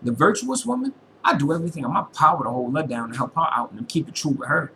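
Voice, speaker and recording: A man's voice: fairly high pitch, lively intonation, fast talker, bright, forceful tone, a little hiss or hum, low-quality recording. A man speaking to his followers in an impassioned, preachy monologue. He quotes scripture, talks in slang, and repeats lines for emphasis. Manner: informal slangy speech. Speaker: religious vlogger.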